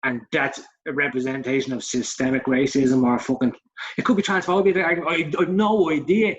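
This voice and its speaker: A man's voice: mid-range voice, a little fast. A man in his forties co-hosting a podcast, talking in a heated, sweary way and mocking others in put-on voices. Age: 40s. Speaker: podcast co-host. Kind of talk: casual podcast chat. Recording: dull lo-fi podcast audio.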